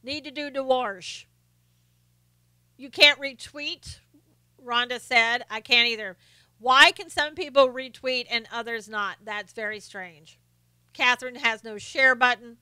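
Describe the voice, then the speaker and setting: Woman, live-stream host, casual chat, smooth clear voice, dry close sound. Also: fairly high pitch, unhurried, pushed and bright, no room sound. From Southern United States. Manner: chatty, laughs often, reads comments aloud.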